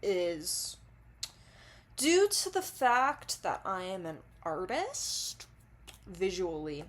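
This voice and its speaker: A woman's voice: on the low side, sing-song, drawn-out words. Rambling, giggly woman vlogging while intoxicated. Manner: rambling, giggly, swears freely. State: under the influence. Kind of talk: casual rambling monologue to camera.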